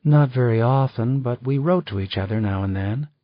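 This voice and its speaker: A man's voice: medium pitch, moderate pace, no echo, lightly acted. A man voicing a poised, chatty female travel writer in an audiobook reading. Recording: slightly dull dry recording.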